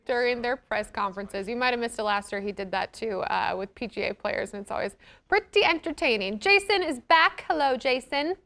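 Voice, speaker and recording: Bright upbeat female co-host. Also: a little high, animated, brisk. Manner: upbeat, laughs easily. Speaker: talk show co-host. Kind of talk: reading show segments and banter.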